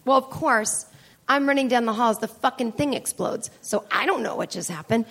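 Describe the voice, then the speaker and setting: A woman's voice: on the high side, expressive, a little fast, fairly bright tone. A middle-aged woman comedian telling rambling, profane stories on stage at a live taping. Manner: chatty, profane, rambling asides. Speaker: stand-up comedian and podcast host. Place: stage in a small comedy venue.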